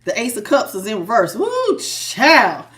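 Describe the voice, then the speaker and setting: A woman's voice: fairly high pitch, huge pitch swings, unhurried, fairly bright tone. A woman hosting a live tarot reading, chatting casually with viewers and laughing often.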